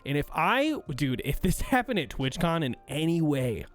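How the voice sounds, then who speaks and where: A man with a slightly higher voice talks casually to his stream chat, swearing often and sounding fed up. His rant is heated and exasperated. Soft music plays faintly underneath. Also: very animated, normal speed. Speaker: streamer host.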